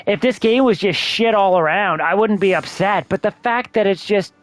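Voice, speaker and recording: High-voiced man ranting on a game stream. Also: moderate pace, no echo. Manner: profane, exasperated ranting. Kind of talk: casual game-stream rant.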